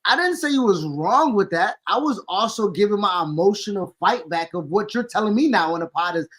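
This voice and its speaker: Blunt, high-voiced man podcast co-host. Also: lively intonation, brisk, fairly bright tone, breathy edge. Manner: blunt, profane, pushes back. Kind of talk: casual chat.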